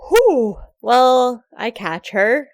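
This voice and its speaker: Slow-talking woman playing a tabletop game. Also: a little high, big pitch swings, no echo, clean studio sound. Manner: unhurried, laughs often. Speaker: player.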